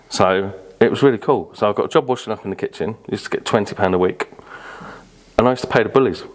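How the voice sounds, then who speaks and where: A British man from Birmingham, England, speaks fast in a lowish voice as a podcast guest. In casual interview storytelling, he rambles with plenty of fillers and swears casually.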